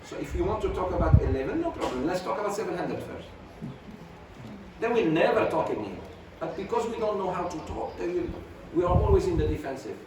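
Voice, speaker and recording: A man's voice: sits high, sing-song, brisk. A man teaching a religious class, lecturing emphatically with volleys of rhetorical questions and Arabic religious phrases. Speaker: sheikh teaching Quran commentary. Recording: very echoey, distant mic, noisy.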